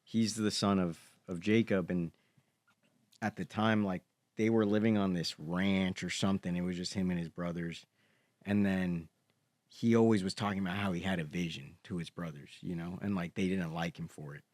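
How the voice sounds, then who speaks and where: A man's voice: low-pitched, fairly even intonation, normal speed, a little mellow, dry recording, clean studio sound. A man chatting casually on a podcast, telling long stories in a rambling, hesitant way. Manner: rambling, hesitant storyteller full of fillers. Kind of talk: casual chat.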